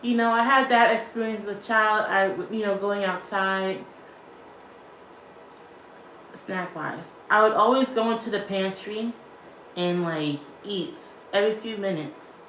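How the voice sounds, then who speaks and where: A woman's voice: mid-range voice, moderate pace, fairly bright tone, echoey room, a little hiss or hum, poor audio. A woman vlogger chatting casually to her stream, rambling and repeating herself, laughing often. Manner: rambling and repetitive, often restating phrases; laughs often while talking. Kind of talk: casual livestream chat.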